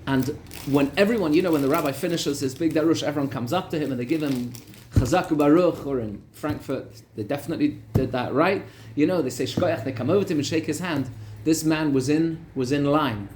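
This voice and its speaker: A man, a rabbi, telling a story in a lively Torah lesson, repeating words for emphasis. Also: fairly high pitch, fairly quick, few pauses, a little hiss or hum. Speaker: rabbi teaching a weekly class.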